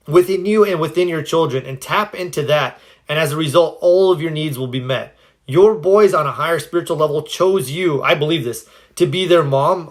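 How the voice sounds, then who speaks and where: Earnest man coaching viewers live. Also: a little high. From United States. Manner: earnest, encouraging, answers viewers' questions. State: slightly cracked voice. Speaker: self-help coach. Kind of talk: livestream advice talk. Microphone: phone livestream.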